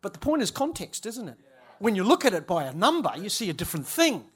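Church speaker, man, light high voice; casual anecdotes, laughs at his own jokes. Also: very animated, fast, a bit bright, breathy edge. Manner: chatty, self-interrupting, laughs at own stories. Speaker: church leader speaking at a conference. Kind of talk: humorous storytelling talk.

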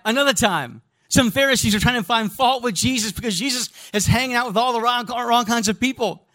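A man preaching a sermon, telling stories in an animated way and speaking directly to his congregation. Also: very high-pitched, a little fast. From American Midwest. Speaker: pastor.

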